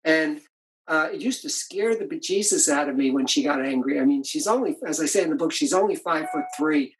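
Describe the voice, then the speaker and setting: A man's voice: a little high, a little fast, low-quality recording. An older man, an author being interviewed, reflectively telling stories about his marriage in a conversational way. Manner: reflective, tells anecdotes with many restarts. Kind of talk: storytelling in conversation.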